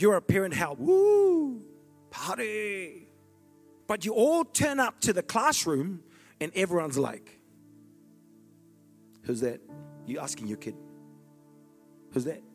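A man preaches with real fervor, climbing to ringing declarations and then sinking to near-whispered asides. His voice sits high and swoops widely in pitch throughout. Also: sing-song, unhurried, soft background music. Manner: passionate, swinging from loud declarations to hushed asides. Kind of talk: sermon.

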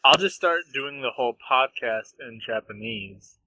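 A young man co-hosting a podcast in casual chat, laughing often and teasing with quick banter. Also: mid-range voice, expressive, sharp tone, rough recording. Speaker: podcast co-host.

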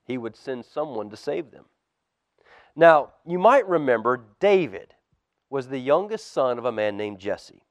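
Pastor reading a storybook to children. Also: male voice, mid-range voice, unhurried, dry recording. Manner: animated, dropping to a hush for suspense. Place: church service.

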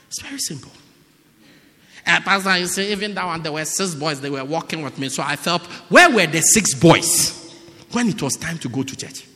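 A male pastor preaching a lively sermon in a church, acting out people's excuses and breaking into shouts. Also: high-pitched. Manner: animated, mimics excuses, bursts into shouts. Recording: echoey church hall.

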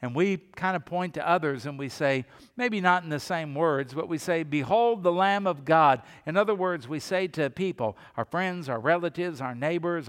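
A man's voice: a little high, clean tone, long reverb tail. A male pastor preaching a sermon, building emphasis with rhetorical questions and repeated phrases.

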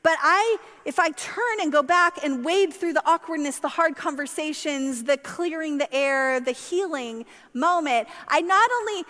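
A woman pastor preaching a sermon with passion, climbing to emphatic peaks and then falling soft. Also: sits high, unhurried, hardly any pauses. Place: church sanctuary. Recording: long church-hall reverb.

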